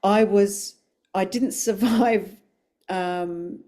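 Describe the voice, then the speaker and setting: A woman's voice: medium pitch, very slow, mellow. A woman, a dialogue coach speaking on a webinar panel over a video call, effusive and emphatic.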